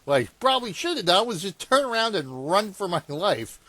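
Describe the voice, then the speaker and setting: Commenting casually on his own hunting gameplay, a man rambles and mocks himself, laughing at his blunders. His high, sing-song voice moves fairly quickly, swinging from hushed muttering to loud, exasperated outbursts.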